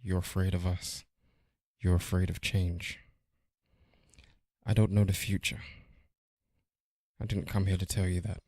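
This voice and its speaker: A man, co-hosting a casual podcast chat, sometimes reciting film lines slowly and quietly. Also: level tone, no room sound, clean studio sound. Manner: reciting a film monologue in a low, slow, quiet voice. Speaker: podcast co-host.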